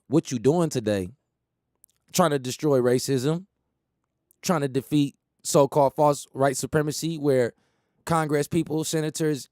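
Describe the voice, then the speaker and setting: A man's voice: on the high side, dark tone, dry recording, clean studio sound. Emphatic man riffing on talk radio. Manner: rambling, emphatic, repeats phrases, laughs at his own jokes. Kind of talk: casual monologue.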